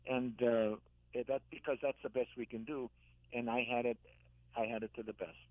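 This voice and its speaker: An older man, an author and caregiver, telling gentle stories in a radio interview, halting and repeating words as he speaks. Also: medium pitch, fairly even intonation, dry recording. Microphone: phone. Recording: tinny dry phone line.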